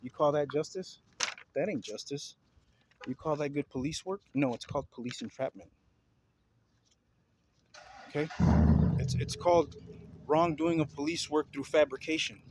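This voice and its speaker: Angry guy venting at the camera, kinda high voice, slight hiss behind. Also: normal speed, pauses often. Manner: heated, repetitive, confrontational. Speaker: vlogger. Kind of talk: ranting video commentary.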